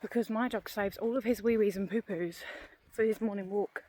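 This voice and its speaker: On a dog walk outdoors, a woman vlogger speaks at normal speed in a medium-pitched voice with a dark tone and fairly even intonation. She rambles chattily, makes fun of herself, and is slightly winded, over slight background noise.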